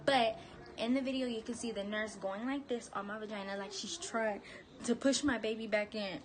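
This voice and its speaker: A woman's voice: on the high side, fairly even intonation, moderate pace, noisy background. A young woman telling her birth story in a candid, chatty vlog, now and then cooing at her baby. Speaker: vlogger, new mother.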